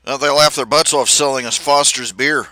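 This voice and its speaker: A male streamer telling a long-winded anecdote, doubling back on his words and piling on asides. His voice is bright and pushed forward. The sound is close and dry, with no room echo. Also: medium pitch, moderate pace. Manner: chatty, self-interrupting, animated anecdotes with restarts. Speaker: livestream host. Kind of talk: rambling casual storytelling.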